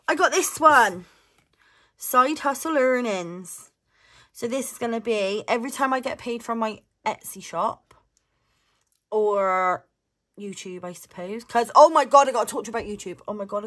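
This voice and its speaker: A young woman chatting excitedly to her viewers as she unboxes her mail. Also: on the high side, a little hiss or hum. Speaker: budgeting vlogger. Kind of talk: casual chat to camera while unboxing.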